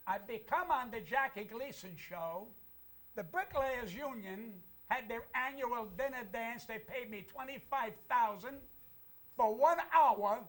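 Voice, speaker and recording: A man's voice: extremely high pitch, lively intonation, unhurried, a bit bright. Brash older man telling comic stories. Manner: brash, boastful, repeats for punch. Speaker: comedian guest. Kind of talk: comic storytelling.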